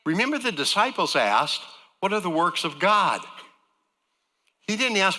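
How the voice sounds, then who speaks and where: A man delivers an earnest sermon in a very bright, forceful voice that rises and falls with lively pitch. His delivery swings between emphatic peaks and hushed asides, and his words ring out with the long reverb of a large church sanctuary. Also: normal speed, long pauses. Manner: earnest preaching, voice swinging from loud emphasis to soft. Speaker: guest speaker.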